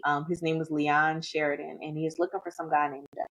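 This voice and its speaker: A woman guest telling a lively anecdote in casual conversation. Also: low voice, fairly quick. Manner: animated, chatty anecdote-telling. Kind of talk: casual storytelling.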